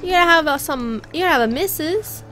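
A woman's voice: high voice, expressive, fast, fairly bright tone, soft background music. A woman giving casual, rambling let's play commentary, chatting to herself as she plays.

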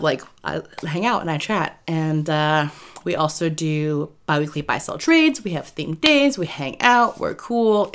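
A woman chats loosely to her viewers, wandering from one thought to the next and breaking into little giggles. Her voice sits a touch lower than most women's. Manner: rambling and giggly, laughs often between phrases. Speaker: YouTube creator. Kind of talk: casual vlog talk to viewers.

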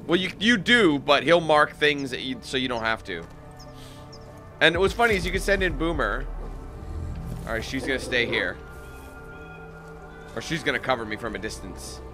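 A man doing casual let's play commentary on a video game. He swears freely and breaks into frustrated shouting. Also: medium pitch, lively intonation, moderate pace, long pauses. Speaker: gaming channel host. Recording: game music playing underneath. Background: video game music and sounds.

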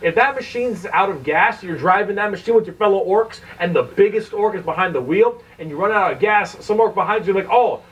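A man's voice: high-pitched, brisk, hardly any pauses, a bit bright, breathy edge, muffled recording. A man narrating a casual, comic explainer video in a rambling, blunt way, swearing offhandedly. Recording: distant mic with faint noise.

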